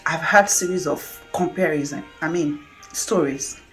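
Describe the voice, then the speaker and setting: A woman's voice: low voice, unhurried, faint music behind. A middle-aged woman from Nigeria with a Nigerian accent, talking candidly in a casual video monologue, laughing often. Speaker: vlogger.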